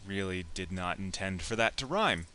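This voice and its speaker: A man's voice: low voice, expressive, normal speed, sharp tone. A young man teaching a casual, joking lecture on science and engineering, acting out imagined speakers with playful asides.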